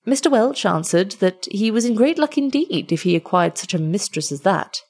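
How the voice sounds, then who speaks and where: A woman reading an old tale aloud in a measured, expressive way. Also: medium pitch. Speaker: storyteller.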